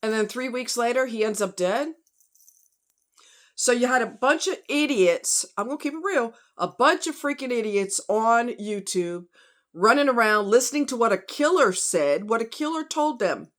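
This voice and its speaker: Her voice is a little high and animated, with a fairly bright tone and a normal speed. Hosting a casual true crime vlog, she's blunt, outspoken and fired-up, addressing her viewers heatedly as y'all and honey.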